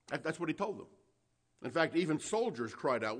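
A man's voice: mid-range voice, animated, brisk, creaky. Impassioned male preacher in full sermon. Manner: impassioned, builds to loud exhortation, addresses listeners as friends; frequent restarts and fillers.

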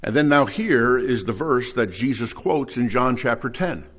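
A man's voice: medium pitch, lively intonation, normal speed, a bit bright. A man preaching an expository Bible sermon, reading scripture aloud and asking rhetorical questions with rising emphasis.

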